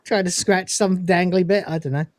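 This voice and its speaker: A man whose voice sits high talks at a normal speed. He's a podcast host giving casual episode recaps, retelling scenes in an animated way and acting out the characters' dialogue.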